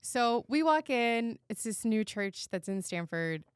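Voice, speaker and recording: A woman co-hosting a podcast who tells a personal story in casual chat, animated and candid and swearing freely. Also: on the high side, measured pace, clean tone, no room sound, studio quality. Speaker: podcast co-host.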